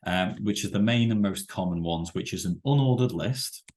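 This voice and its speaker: A man teaching a web development lesson over a screen-share, explaining with halting, self-correcting sentences and many fillers. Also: lowish voice, darkish tone. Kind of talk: screen-share coding tutorial.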